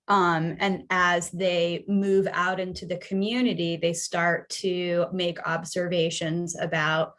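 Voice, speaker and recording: Woman presenting a webinar, chatty tone. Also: on the low side. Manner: conversational, keeps checking in with "right?". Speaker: child psychologist presenter.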